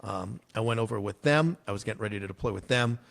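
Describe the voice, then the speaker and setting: A man in his forties from Arizona, a podcast guest telling stories from his life in a casual, lively way, with plenty of ums and uhs. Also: fairly low pitch, fast, vocal fry. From United States (Arizona). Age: 40s. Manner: lively storyteller, acts out quoted people, many fillers. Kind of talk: casual storytelling interview.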